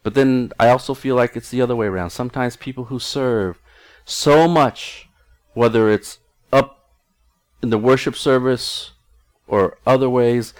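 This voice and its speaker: A middle-aged male pastor preaching a conversational sermon in an earnest tone, often restarting his sentences. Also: mid-range voice.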